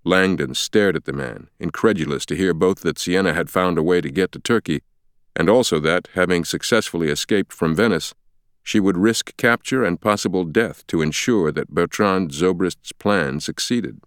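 A man narrates a thriller audiobook in a measured, even storytelling delivery. His voice sits very low. The recording is dry and close, with no room sound. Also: clear, resonant tone, no echo. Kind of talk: scripted narration.

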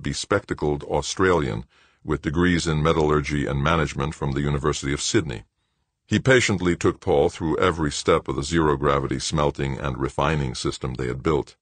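A man narrating an audiobook in a measured, steady storytelling manner. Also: a bass voice, no room sound. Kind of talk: scripted narration.

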